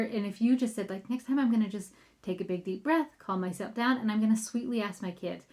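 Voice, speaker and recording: Upbeat woman coach chatting on her podcast, calls everyone friends, mid-pitched voice. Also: brisk, darkish tone. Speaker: parenting coach and podcast host. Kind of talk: solo podcast talk.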